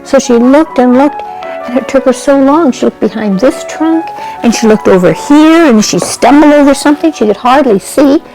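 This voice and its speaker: A woman telling a children's story in a gentle, homespun, repetitive way. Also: high voice, expressive, moderate pace, faint music behind, rough recording.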